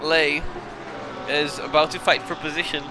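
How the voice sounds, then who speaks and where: A man's voice: fairly high pitch, little pitch movement, moderate pace, over music. A young man commentating a sim race live while fighting a bout of hiccups, apologising and laughing at himself between calls. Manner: flustered, self-mocking, apologetic between calls.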